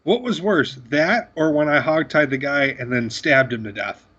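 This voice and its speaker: A man's voice: a little high, moderate pace, a bit bright, breathy edge. Chuckling man on a dull mic. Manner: gleeful, chuckling while he talks. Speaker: podcast co-host. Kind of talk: casual chat.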